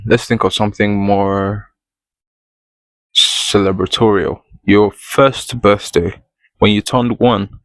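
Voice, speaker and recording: Low gravelly man hosting a solo podcast. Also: fairly bright tone, no echo, low-quality recording. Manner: playful, conversational, talks straight to the listener. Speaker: podcast host.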